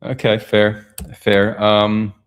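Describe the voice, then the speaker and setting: A man from Israel hosting a casual livestream discussion, with friendly, quick interjections. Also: on the low side, level tone, clean tone. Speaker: livestream host.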